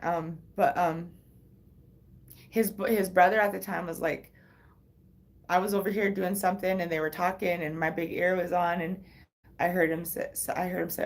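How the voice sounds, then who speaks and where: A woman's voice: lowish voice, fairly even intonation, normal speed, long pauses. A woman livestreaming, telling a personal story in a rambling, frank way with heavy swearing.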